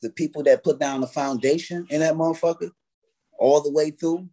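A man's voice: a little high, fairly even intonation, a little fast, mellow. A man, a guest artist telling stories in a casual interview, swearing freely and acting out his own past reactions. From United States.

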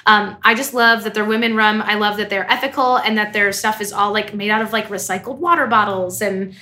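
Bright, giggly young woman chatting. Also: mid-range voice, fairly even intonation, brisk. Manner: chatty, giggly, rambling with fillers. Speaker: podcast co-host. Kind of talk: casual chat.

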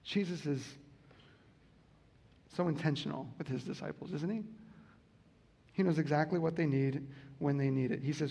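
A man's voice: on the high side, normal speed, creaky, pauses often, darkish tone, muffled recording. A man preaching a sermon as a pastor, earnestly repeating key lines for emphasis.

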